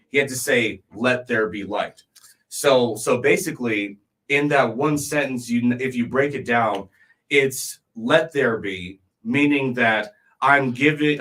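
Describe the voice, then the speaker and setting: A man on a casual podcast lays out his ideas at length in a relaxed, searching way. His voice sits at a middle pitch, and his sentences are full of ums and restarts. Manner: explains ideas at length with many fillers. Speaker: podcast co-host.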